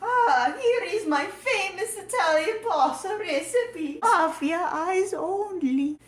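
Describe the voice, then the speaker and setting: A woman's voice: extremely high pitch, lively intonation, slow, full character voice. A woman hamming up a squealing Italian mafia chef man. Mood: hammy. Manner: exaggerated Italian accent, squealing and wailing. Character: over-the-top male Italian mafia chef. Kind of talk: comedic fan cartoon voice acting. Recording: roomy echoing room.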